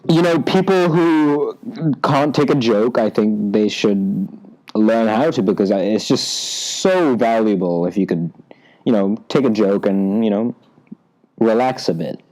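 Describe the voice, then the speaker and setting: A young man co-hosting a casual podcast. He tells jokes haltingly, repeating words and stifling laughter. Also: fairly low pitch, lively intonation, warm tone, poor audio. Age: young adult. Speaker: podcast co-host. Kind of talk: casual joking chat.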